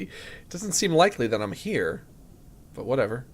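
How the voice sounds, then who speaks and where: A man live-streaming a game, talking casually and joking, breaking into high shouts of disbelief. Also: normal speed, long pauses, a little hiss or hum. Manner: animated, jokey, bursts into high shouts of disbelief. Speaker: streamer playing a horror game.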